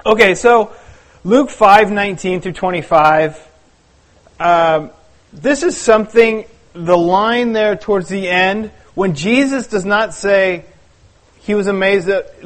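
A man gives a sermon in an earnest, conversational way, and his prayer is hushed and soft. His voice sits high. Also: unhurried. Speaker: pastor. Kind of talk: sermon with prayer and story reading.

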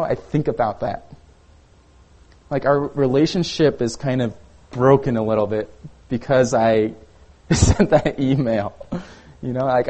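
A man's voice: medium pitch, a little mellow. A young man preaching a casual sermon to a youth group, telling personal stories in a conversational way full of filler words. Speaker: youth pastor.

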